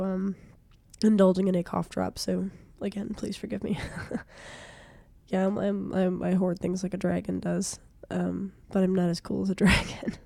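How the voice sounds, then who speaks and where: A woman's voice: medium pitch, mellow, dry recording. Congested young woman streaming a game. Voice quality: hoarse, stuffy voice. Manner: chatty, self-deprecating, laughs often. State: congested from a cold. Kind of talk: casual game streaming chat. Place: small streaming room.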